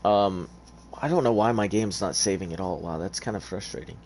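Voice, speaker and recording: A man's voice: low-pitched, a little fast, a little mellow, a little hiss or hum. A man giving laid-back, rambling commentary over a car game, sleepy and just awake, with many fillers. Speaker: gaming YouTuber. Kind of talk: casual gameplay commentary.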